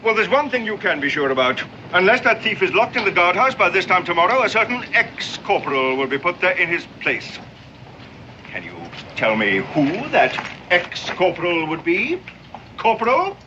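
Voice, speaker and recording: A man's voice: high-pitched, very animated, normal speed, pushed and bright, full character voice. An actor playing a haughty male naval commodore who speaks formally with dry sarcasm. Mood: sarcastic, commanding. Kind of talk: 1960s TV drama acting. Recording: muffled old TV soundtrack with background noise.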